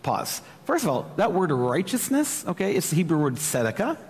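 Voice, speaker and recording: Young man, preacher, conversational sermon, animated, church hall, long reverb. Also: high-pitched, normal speed. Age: young adult. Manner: conversational, animated, with asides to the audience. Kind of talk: sermon teaching.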